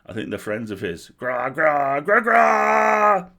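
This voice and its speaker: A man voicing an eager male goblin soldier who talks fast and excitedly, pitched above his narration. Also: creaky, exaggerated voice. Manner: excited, breathless, higher than the narration.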